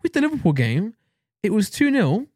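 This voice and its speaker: A young man with a Northern English accent chatting casually about football as a podcast co-host, rapid and excitable. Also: high voice, no echo, studio quality. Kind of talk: casual chat.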